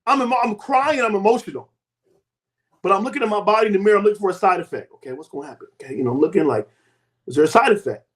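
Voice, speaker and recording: A man in his fifties, a host and health coach, telling a personal story with emphatic, sweeping swings in pitch and loudness. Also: racing.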